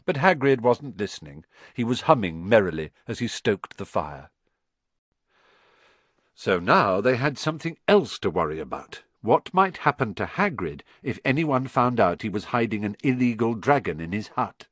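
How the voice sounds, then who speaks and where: Male audiobook narrator, expressive, dry close sound, husky. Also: on the low side, normal speed, dry recording. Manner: expressive storytelling.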